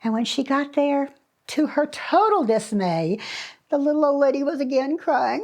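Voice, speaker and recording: A woman storyteller telling a fairy tale to children in an animated, expressive way with dramatic pauses. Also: high voice.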